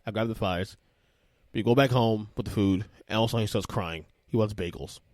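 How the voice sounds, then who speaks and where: A man in his thirties hosting a solo podcast, telling a family story in a rambling, animated way with frequent restarts. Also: on the low side, brisk, no room sound. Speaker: podcast host.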